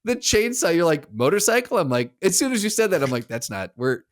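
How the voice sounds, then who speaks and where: Easygoing podcast co-host man, lively pitch. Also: brisk. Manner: easygoing, laughs often, trails off mid-sentence. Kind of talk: casual chat.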